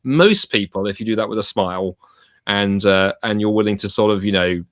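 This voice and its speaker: A man, a podcast guest, giving advice in a lively, self-deprecating way and acting out little quotes. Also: lowish voice, brisk, no echo, clean studio sound. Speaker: podcast guest, evangelism teacher. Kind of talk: casual interview chat.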